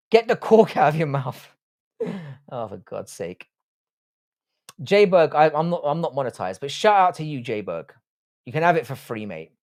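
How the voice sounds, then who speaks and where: Young male stream host, casual and crude, rambling chat reader, mid-pitched. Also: darkish tone. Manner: rambling, crude and jokey, reads chat aloud. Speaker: livestream host.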